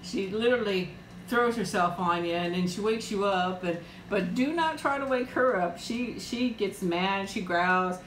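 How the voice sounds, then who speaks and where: A woman's voice: mid-range voice, a little slow, reverberant, slight background noise, low-quality recording. A woman hosting a casual live-chat eating stream from home, talking in a rambling way and laughing often. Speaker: livestream host.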